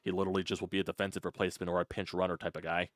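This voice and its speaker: A man's voice: sits low, level tone, rapid-fire, dry recording, studio quality. A man hosting a sports channel, ranting in an exasperated, repetitive way and mocking others in a put-on voice. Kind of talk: ranting sports reaction monologue.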